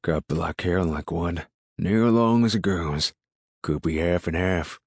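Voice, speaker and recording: A man's voice: deep voice, slow pace, a little mellow, breathy edge, no room sound, clean studio sound, heavily acted. A man voicing a coarse, hostile middle-aged farm woman with a drawl and a harsh, mocking way of speaking. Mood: prying.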